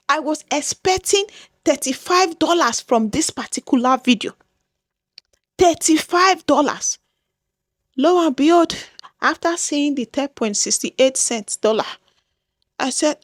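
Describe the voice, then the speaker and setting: Nigerian woman YouTuber, high-pitched, dry close sound, dramatic and exclamatory, repeats lines. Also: expressive, a little slow, no echo. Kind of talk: casual vlog talk to viewers.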